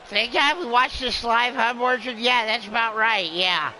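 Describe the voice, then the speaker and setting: A man's voice: very high voice, unhurried, bright, forceful tone, slight background noise, rough recording. A man calling a wrestling game as a rambling, jokey streamer who plays a drunken clown persona. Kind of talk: excitable play-by-play game commentary.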